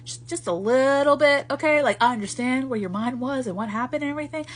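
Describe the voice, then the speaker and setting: A woman's voice: high voice, quick pace. A woman giving a casual book talk, ranting with lots of swearing as she reviews a novel. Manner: profane, animated ranting.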